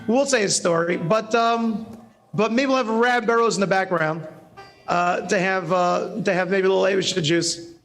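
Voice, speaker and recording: High-voiced man telling a joking story. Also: normal speed, a bit bright. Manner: rambling, self-mocking, laughs often. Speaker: guest speaker. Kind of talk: humorous storytelling talk. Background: faint music.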